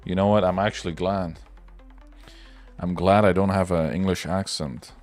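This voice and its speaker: Low-voiced man rambling on a livestream. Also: steady tone, moderate pace, a little mellow, soft background music. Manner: rambling, profane, loose and opinionated. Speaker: livestream host. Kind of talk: casual livestream chat while working.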